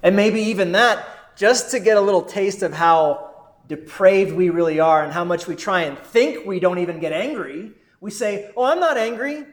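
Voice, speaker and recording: A man with a high voice preaches a sermon as a pastor, earnest and conversational, and he often turns to his listeners with rhetorical questions. His voice rings in an echoey room.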